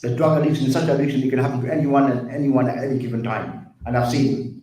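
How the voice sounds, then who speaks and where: Very fast and dark-toned, a mid-range male voice with fairly even intonation delivers an earnest talk on drug addiction to the community. He repeats himself and calls everyone brothers and sisters, and the distant mic catches heavy hall echo.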